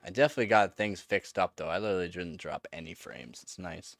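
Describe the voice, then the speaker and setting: A man's voice: sits low, quick pace, a bit bright, no echo, studio quality. A man chatting casually on a live stream, telling rambling stories with lots of fillers and laughter. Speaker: live streamer answering chat.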